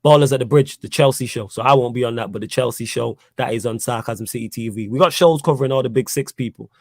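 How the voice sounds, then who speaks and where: A man's voice: mid-range voice, fast, no room sound. Slangy Manchester man, dry close sound. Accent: South East Manchester. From England. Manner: slangy, chatty shout-outs. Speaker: co-host. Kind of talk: casual live-stream chat.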